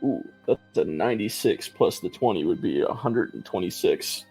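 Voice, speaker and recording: A man playing a tabletop game, chatty and thinking out loud, laughing often. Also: on the low side, expressive, moderate pace, slightly rough, soft background music, low-quality recording. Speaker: player. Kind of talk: casual tabletop play.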